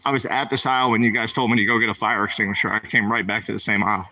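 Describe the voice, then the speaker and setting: A man's voice: fairly low pitch, level tone, racing, pushed and bright. A man, streaming while he walks the aisles of a store, chatting and asking his viewers questions. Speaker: vlogger. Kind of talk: livestream vlog while shopping.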